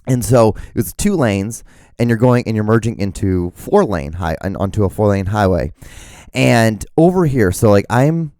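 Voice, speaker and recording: A man's voice: lowish voice, expressive, normal speed, warm tone, no echo, studio quality. A young man hosting a solo podcast, rambling through a story with lots of restarts and casual swearing. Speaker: podcast host.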